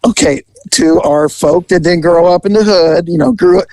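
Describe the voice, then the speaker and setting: A man's voice: a little high, normal speed, dry recording, rough recording. A man hosting a podcast, telling a comic police story with laughter and voice impressions. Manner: animated, laughing, mimics voices.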